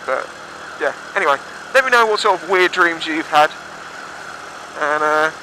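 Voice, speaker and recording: Out on his motorbike, a young man chats his way through stories casually, swearing as he goes. A helmet mic captures him outdoors with the engine rumbling in the background.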